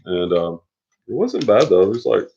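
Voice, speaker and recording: A man's voice: sits low, big pitch swings, moderate pace, warm tone, a little hiss or hum. A man co-hosting a casual live stream late at night, tired and easygoing, reading out viewer comments. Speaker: co-host of a reselling live show. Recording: dull lo-fi stream audio.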